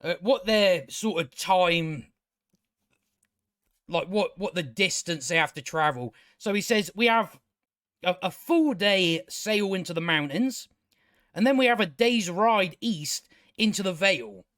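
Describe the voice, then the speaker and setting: High-voiced sarcastic man reviewing. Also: expressive, measured pace, fairly bright tone, no room sound, clean studio sound. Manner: sarcastic, exasperated, swears freely, many restarts. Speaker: TV review channel host. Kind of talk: casual spoken review.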